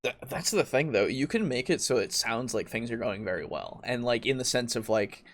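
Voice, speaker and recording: A young man co-hosting a podcast in casual chat, laughing often and acting out quotes with sudden loud, high bursts. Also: animated, brisk. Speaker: podcast co-host.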